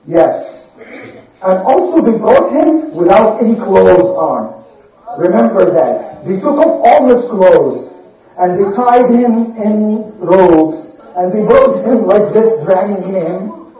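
A woman teacher tells a story to a class of children, pausing to quiz them. She speaks slowly with a lively pitch. She is heard from far off in a very echoey, slightly dull classroom. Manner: animated, asks the class questions.

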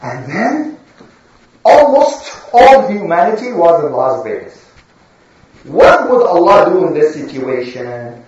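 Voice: mid-range voice, very animated, takes it slowly, background noise. A religious storyteller telling a lesson to children and asking the listeners questions. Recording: echoey room, far from mic, dull.

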